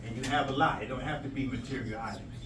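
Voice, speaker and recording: A man's voice: medium pitch, steady tone, quick pace. A man, a language arts teacher, giving an emphatic motivational talk to students, acting out quoted exchanges and playing with rhymes. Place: school presentation room. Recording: echoey room from far off, with noise.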